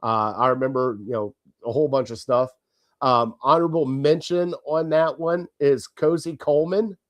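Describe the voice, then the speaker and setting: A man co-hosting a casual sports podcast, relaxed and chummy with his co-host. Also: mid-range voice, normal speed, no room sound. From Cleveland, Ohio area.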